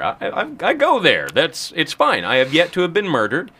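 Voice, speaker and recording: A man's voice: medium pitch, huge pitch swings, normal speed, hardly any pauses, bright, forceful tone. A man hosting a Christian talk show, speaking emphatically with teasing, preacherly punchlines. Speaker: host.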